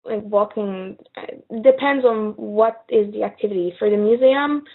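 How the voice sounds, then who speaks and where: A woman with a French accent teaching French numbers and phrases, slowly and patiently repeating words with little pauses and fillers. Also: mid-range voice. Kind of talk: slow spoken language lesson. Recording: tinny phone-like sound.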